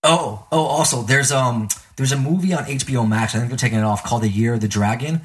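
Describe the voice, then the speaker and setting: A man chatting casually as a podcast co-host, halting and repeating words as he goes. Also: medium pitch. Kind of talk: casual chat.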